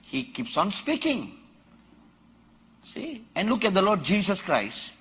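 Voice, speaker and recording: A man preaching a sermon to a conference crowd, quoting scripture dramatically and rising to emphatic shouts. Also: sits high, huge pitch swings, slow pace, slightly rough. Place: large conference hall.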